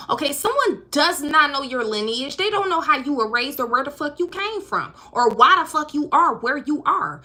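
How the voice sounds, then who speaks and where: Bright-voiced woman giving an emphatic reading. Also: high-pitched, very animated, normal speed, few pauses. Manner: emphatic, profane, conversational. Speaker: intuitive card reader. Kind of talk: live-streamed spiritual reading.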